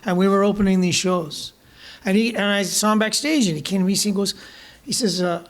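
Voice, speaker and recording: An older man, a guest musician, telling stories to a live audience in a bar, animated and often laughing. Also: sits high, fairly quick. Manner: animated, laughing, vivid storyteller.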